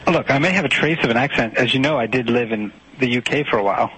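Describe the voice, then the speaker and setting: A man's voice: mid-range voice, fast, a bit bright, breathy edge, dry recording, poor audio. A man in a comedic sketch, defensively telling a story and slipping into a put-on, formal delivery. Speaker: storyteller being recorded.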